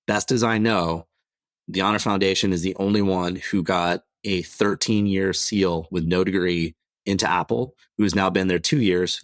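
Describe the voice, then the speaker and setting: A man who is a guest on a podcast, telling animated stories about veterans changing careers and acting out the dialogue. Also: sits low, no room sound. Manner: animated storyteller, acts out quoted dialogue. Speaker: podcast guest, veterans' transition program executive. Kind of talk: casual storytelling interview.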